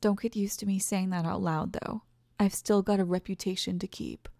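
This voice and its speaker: A woman's voice: medium pitch, fairly even intonation, normal speed, gravelly, no room sound, clean studio sound. A woman playing a pregnant girlfriend, a former bully, tough on the outside and insecure underneath, in an audio role-play spoken straight to the listener. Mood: teasing. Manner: emotional, defensive then tender, soft confessional asides.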